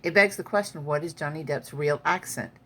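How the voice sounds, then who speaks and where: A woman's voice: low-pitched, a little fast, bright, forceful tone. A woman vlogging from home in a chatty way, reading an article aloud and adding her own comments. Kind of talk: casual chat.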